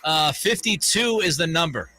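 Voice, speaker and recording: Bright-voiced man hosting sports radio. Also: a little high, animated, moderate pace, faint music behind. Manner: laughs often, runs the segment. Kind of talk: casual sports talk.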